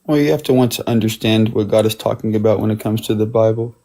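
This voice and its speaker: A man with a fairly low voice calls in and earnestly argues his faith. He explains his points steadily and sincerely. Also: fairly even intonation, quick pace, dark tone. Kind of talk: earnest debate.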